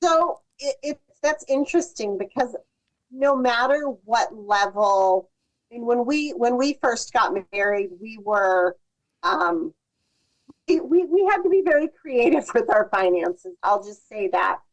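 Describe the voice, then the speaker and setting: A woman's voice: on the high side, animated, a little slow, poor audio. A woman, a podcast guest, giving thoughtful advice in casual conversation. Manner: thoughtful, restarts sentences.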